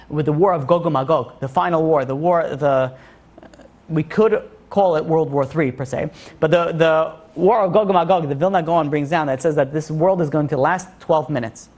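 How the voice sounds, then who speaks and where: A man's voice: on the high side, normal speed, darkish tone. A man, a rabbi, giving a rambling Torah lecture full of restarts and fillers. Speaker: rabbi teaching a class.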